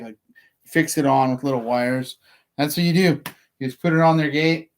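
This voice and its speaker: Over slight background noise, a medium-pitched male voice spins casual tales from his work serving legal papers. His delivery is relaxed and meandering, packed with "like" fillers.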